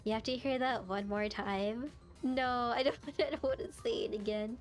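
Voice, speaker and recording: A young adult woman streamer in casual live-stream chat, telling stories in an animated way and laughing often. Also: on the high side, moderate pace, faint music behind.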